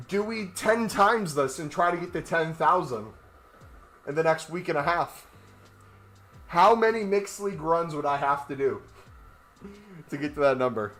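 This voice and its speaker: A gaming streamer with a slightly high, a bit bright voice rambles and jokes casually while walking on a walking pad during his livestream.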